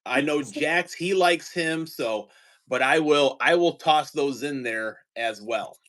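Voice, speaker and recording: A man's voice: fairly high pitch, takes it slowly, a bit bright. A man hosting a casual livestream chat from home, easygoing and rambling. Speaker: teacher and card-collecting stream host.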